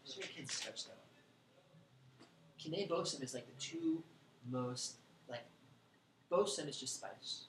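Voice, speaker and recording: A man's voice: a little high, slow pace, pauses often, fairly bright tone. A man giving a casual, irreverent lecture in a bookstore, thinking aloud and rambling between points. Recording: echoey room with background noise.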